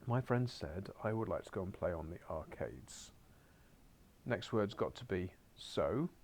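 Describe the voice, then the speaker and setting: A man's voice: deep voice, lively intonation, unhurried, a little mellow, slight background noise. A man teaching a beginners' Spanish class, coaxing his pupils along with wry asides and muttered whispers, heard in a school classroom.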